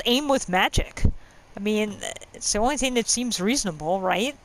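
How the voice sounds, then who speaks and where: A woman's voice: medium pitch, normal speed, poor audio. A woman hosting a let's-play, talking in a chatty, musing way and laughing often while she plays. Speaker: gaming channel host.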